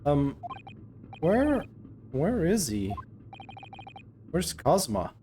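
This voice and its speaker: A man reading the lines of a bewildered young male student, halting and confused. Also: a little high, wildly swooping pitch, mellow, slight background noise, exaggerated voice.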